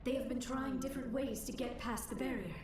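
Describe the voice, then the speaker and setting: A woman's voice: high voice, brisk, a little mellow, natural voice. An actress voicing a polite, earnest young female alien scientist in video game dialogue. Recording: echoey game audio with background noise.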